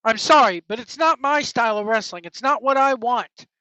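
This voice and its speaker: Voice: medium pitch, normal speed, pushed and bright, no room sound. A wrestling podcast host on an angry, profane opinion rant, blunt and heated. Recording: dull lo-fi dry recording.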